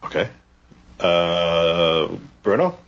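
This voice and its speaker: A man hosting a casual podcast chat, husky and laughing often as he runs through picks. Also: deep voice, very animated, extremely slow. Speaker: podcast host. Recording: dull lo-fi audio.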